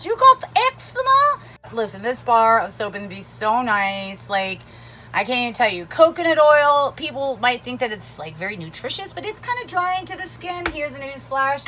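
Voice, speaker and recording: A woman's voice: fairly high pitch, lively intonation, moderate pace, fairly bright tone. A woman casually demonstrating how to make soap, chatty and rambling, with jokey asides to viewers. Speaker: soap-making vlogger.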